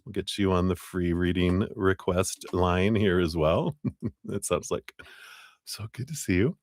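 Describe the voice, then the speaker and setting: A man's voice: low voice, measured pace, no echo, clean studio sound. A man hosting a live tarot stream, chatting casually with viewers, laughing often and sounding giddy.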